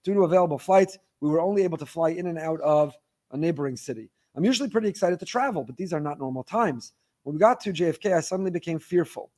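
A man teaching a Torah class, reading listener emails aloud in an animated storytelling way with wry asides. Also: fairly high pitch, fast talker.

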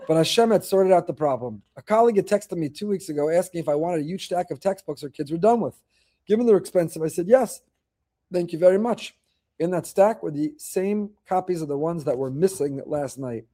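A middle-aged man, a rabbi, telling faith stories in a quick, animated flow. His voice sits high and sounds mellow rather than bright. He repeats key phrases to drive them home. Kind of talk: weekly faith talk.

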